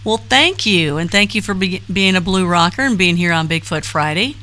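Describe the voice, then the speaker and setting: A middle-aged woman hosts a live stream in a bright, forward voice. She chats loosely, reads viewer names aloud and fills gaps with fillers as she goes. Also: fairly low pitch, expressive, normal speed. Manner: chatty, rambling, reads chat names aloud with frequent fillers. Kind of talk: casual live-stream chat reading comments.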